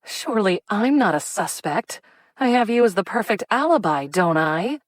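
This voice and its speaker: A woman's voice: medium pitch, animated, unhurried, no echo, clean studio sound, pitched above the performer's own voice, lightly acted. A woman voicing a sardonic, theatrical young female amateur detective in an audiobook. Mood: arch. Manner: arch and sardonic, with put-on fainting.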